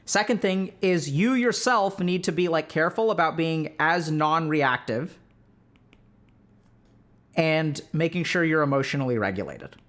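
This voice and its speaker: Guy clinician chatting casually about parenting, kinda high voice, lots of "like" and "right?". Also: expressive, measured pace, fairly bright tone. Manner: conversational, full of "like" and "right?" check-ins; sarcastic when mocking strict views. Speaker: clinician giving parenting advice. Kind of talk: casual explanatory talk.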